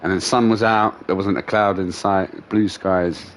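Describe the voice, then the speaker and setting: A man's voice: deep voice, fairly even intonation, a little slow. A young man streaming a racing game, chatting casually and teasing a friend, swearing freely. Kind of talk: casual gaming livestream chat. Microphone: gaming headset.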